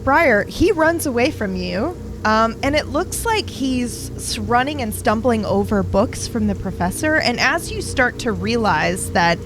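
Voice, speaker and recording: A woman's voice: on the high side, lively intonation, unhurried, few pauses, music in the background, low-quality recording. A woman game master narrating a tabletop horror game, with hesitant restarts. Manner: hesitant, restarts while describing.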